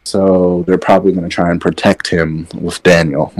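A man co-hosting a podcast, giving his opinions in relaxed casual chat while sitting away from his mic. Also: deep voice, moderate pace, rough recording. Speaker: podcast co-host.

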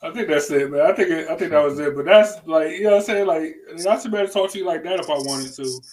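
A man's voice: on the high side, fast, darkish tone, low-quality recording. A man co-hosting a podcast in casual chat, loose and repetitive, full of fillers. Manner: loose, repeats phrases, lots of fillers. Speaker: podcast co-host.

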